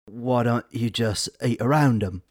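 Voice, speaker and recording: A woman's voice: a bass voice, measured pace, a little mellow, dry recording, voice pushed down. A woman voicing an anxious middle-aged male mayor who stammers and hesitates. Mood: puzzled. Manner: nervous, stuttering, hesitant.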